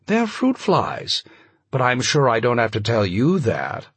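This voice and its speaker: A man's voice: mid-range voice, wildly swooping pitch, a little slow, a bit bright, husky, no room sound, full character voice. A man voicing an affected, sardonic older male novelist with a mid-Atlantic accent and an arch, drawling delivery.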